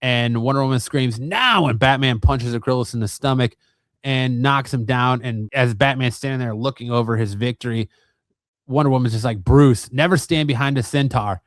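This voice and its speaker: A man's voice: medium pitch, steady tone, normal speed, dry recording. A man in his thirties or forties, hosting a casual comic book recap with an enthusiastic, slangy way of talking. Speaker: comic book video host.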